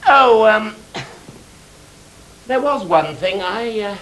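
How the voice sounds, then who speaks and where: A fussy theatre director, bossy and quickly exasperated, in a 1980 television stage drama. His raised voice leaps around as he gives orders. A faint hiss sits behind it. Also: sits high, animated, a bit bright, exaggerated voice, low-quality recording. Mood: instructive. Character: fussy, impatient theatre director running a rehearsal.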